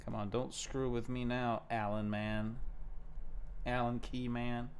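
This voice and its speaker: A young man casually chatting on a live stream from his home setup, gushing and excitable and swearing freely. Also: medium pitch, slow, a little hiss or hum.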